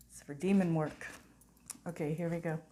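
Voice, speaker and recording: A woman giving a channeled oracle card reading straight to her viewers, in an earnest, softly conversational way. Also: low-pitched, steady tone, measured pace, heavy background noise. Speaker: spiritual card reader.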